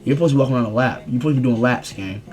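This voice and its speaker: Man acting as a strict schoolteacher lady, flat, scolding, matter-of-fact. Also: mid-range voice, very fast, soft background music, close to an everyday voice. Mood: stern. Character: stern female grade-school teacher, scolding.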